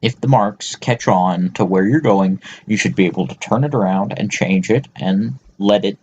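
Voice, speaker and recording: A man's voice: fairly low pitch, moderate pace, darkish tone, slight background noise. A man co-hosting a podcast, ranting profanely in casual chat. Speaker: podcast co-host. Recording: dull lo-fi sound.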